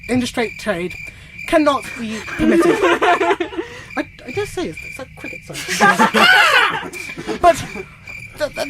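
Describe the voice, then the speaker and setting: A woman's voice: a little high, fairly bright tone, slight background noise. A young woman improvising a pompous, lecturing lawyer who keeps breaking into giggles. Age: young adult. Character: pompous self-important lawyer, Doctor Law. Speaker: improv performer. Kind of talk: improv comedy.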